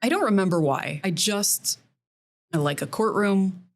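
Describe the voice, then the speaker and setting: A middle-aged woman, a criminal defense attorney, chatting as a podcast guest, earnest and listing things in quick runs. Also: mid-range voice, lively intonation. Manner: earnest, talks in quick lists. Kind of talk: casual interview chat.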